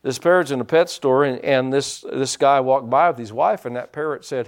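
A man preaching a sermon as pastor, folksy, telling stories and swinging his loudness up and down, from the United States. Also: mid-range voice, normal speed, few pauses. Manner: folksy storytelling preacher, rising and dropping loudness.

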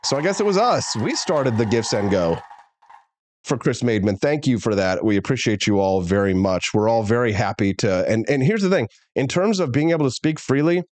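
A man's voice: medium pitch, animated, moderate pace, darkish tone, no echo. A man hosting a political talk show, speaking candidly and emphatically. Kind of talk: casual political commentary.

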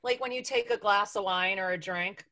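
Bright-toned woman with a Buffalo accent. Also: mid-range voice. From Buffalo, New York. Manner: good-humored, quick to laugh. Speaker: podcast guest. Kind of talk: casual chat.

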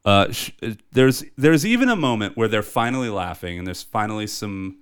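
Ranting, profane man, smooth voice. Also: on the low side, expressive, a little fast. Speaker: podcast co-host. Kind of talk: casual chat.

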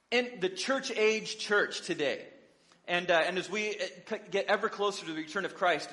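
Male pastor, casual sermon, slightly high voice with a bright edge, rambling delivery full of ums. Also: in a large hall. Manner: relaxed, rambling with many fillers and self-corrections. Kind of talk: conversational sermon.

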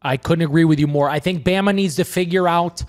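A man's voice: a little high, brisk. A man co-hosting a sports betting show, steadily breaking down teams and stats in casual talk. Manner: steady, analytical, talks in stats and matchups. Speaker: sports betting podcast co-host.

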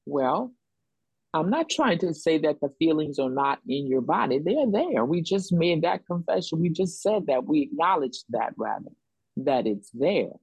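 A woman's voice: sits low, very animated, unhurried, a little mellow, husky, no room sound, poor audio. A woman preaching a sermon on faith and healing, repeating phrases for emphasis in a call-and-response rhythm.

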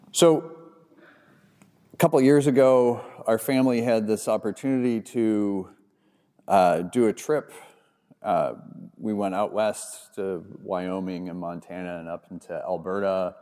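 A low, warm male voice belongs to a church pastor reading scripture and delivering a sermon. He preaches earnestly and conversationally, restarting sentences as he goes.

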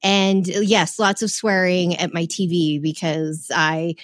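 A woman in a casual podcast discussion, speaking excitably and laughing often. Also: fairly low pitch, a little slow, dry recording, studio quality. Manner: excitable and giggly. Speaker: podcast co-host.

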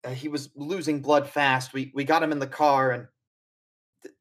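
A man's voice: mid-range voice, little pitch movement, moderate pace, a bit bright, lightly acted, rough recording. A man voicing a shaken young man bringing bad news, stammering and apologetic. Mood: distraught.

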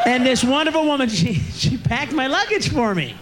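Casting: high-voiced male comic, raw and profane, roaring bursts over a laughing club crowd. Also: expressive, fairly quick, heavy background noise. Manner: profane, bursts into shouted rants. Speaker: stand-up comedian. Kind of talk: stand-up routine. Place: comedy club stage. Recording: live club recording with audience laughter.

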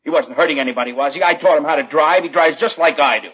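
A man's voice: on the high side, fast talker, slightly rough. An actor playing a brash, defensive father who demands answers and talks over everyone, in an old radio drama. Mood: belligerent. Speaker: angry father of an injured teen. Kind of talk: 1950s radio drama acting. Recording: dull old radio broadcast.

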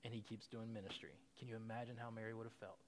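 A man's voice: lowish voice, level tone, rapid-fire. A man preaching a conversational sermon, acting out quotes with rising emphasis. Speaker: pastor. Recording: long hall reverb.

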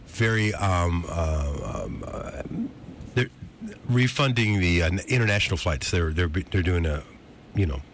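Male radio co-host, low voice, hesitant, lots of fillers, faint noise. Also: expressive, unhurried, a bit bright. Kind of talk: casual on-air chat.

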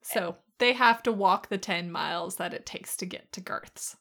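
A woman co-hosting a casual podcast, recapping a TV episode and acting out quotes with animated energy. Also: lowish voice, moderate pace, vocal fry. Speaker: podcast co-host.

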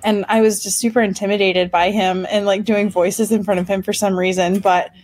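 A woman's voice: mid-range voice, little pitch movement, brisk, a little mellow, poor audio. A woman game master in a casual panel chat, chatty, laughing often and trailing off into restarts.

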